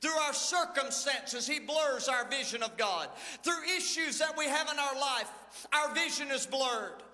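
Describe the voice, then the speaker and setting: Pastor, male, high bright voice, folksy sermon, reverberant church hall. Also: unhurried. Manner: folksy storytelling with dramatic Bible reading. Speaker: lead pastor. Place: church sanctuary.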